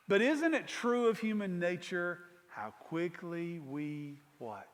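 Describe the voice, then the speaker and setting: A man preaching a sermon as pastor, reading scripture aloud and explaining it with questions to the congregation, swinging from loud emphasis to hushed, slow delivery. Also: high voice, very animated, long reverb tail. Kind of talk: expository sermon. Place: church sanctuary.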